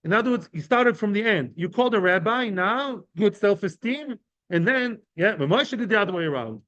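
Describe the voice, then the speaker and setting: High-voiced man teaching a Talmud class. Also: lively intonation, moderate pace, fairly bright tone, dry recording, highs cut off. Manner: conversational, often asks the listeners "right?" and "yeah?"; explains each term, then tells everyday examples. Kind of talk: informal Talmud lesson. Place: class of men.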